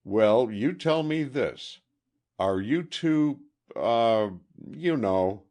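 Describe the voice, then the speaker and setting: A man reading an audiobook, voicing a blunt, excitable teenage boy detective in a raised voice. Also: medium pitch, extremely slow, pitched above the performer's own voice. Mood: eager. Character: eager streetwise teen boy detective.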